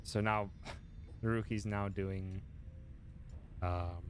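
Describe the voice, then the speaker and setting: A man's voice: lowish voice, steady tone, extremely slow, slight background noise. A man streaming a game, chatting casually and reading its text aloud. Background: game music.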